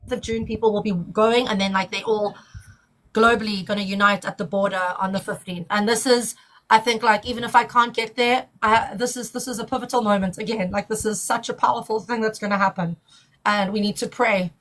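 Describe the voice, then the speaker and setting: Woman host, fairly high voice, blunt and emotional, swears freely. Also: steady tone, moderate pace, fairly bright tone, low-quality recording. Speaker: host of a live chat. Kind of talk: emotional casual chat.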